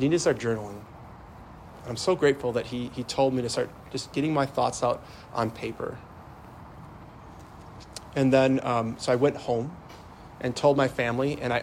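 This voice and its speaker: A man's voice: mid-range voice, a little hiss or hum. A man in his thirties, a priest giving a casual, story-driven homily with lots of fillers and restarts. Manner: conversational, many fillers and repeated starts.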